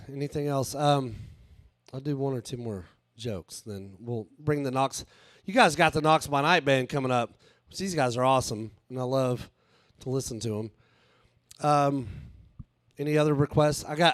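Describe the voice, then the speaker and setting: A man's voice: mid-range voice, moderate pace, no echo, clean studio sound. A man doing a rambling, crude stand-up set on a live stage, laughing at his own jokes. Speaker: stand-up comedian and author.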